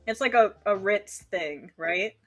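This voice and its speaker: A woman's voice: mid-range voice, expressive, unhurried, soft background music. A woman co-hosting a livestream, teasing her partner in a dry, mock-sulky way during casual banter.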